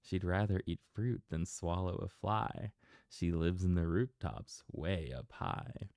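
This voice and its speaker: A man's voice: sits low, slow, gravelly, darkish tone, no echo, clean studio sound, full character voice. A man voicing a little lost baby monkey in a bedtime storybook reading, speaking insistently in rhyme. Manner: insistent, rhyming storybook lines.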